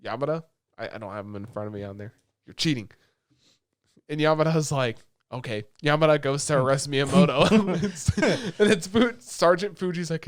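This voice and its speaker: A man co-hosting a podcast, excitedly retelling scenes in casual chat and swearing often. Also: on the high side, normal speed, dry recording, clean studio sound. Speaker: podcast co-host.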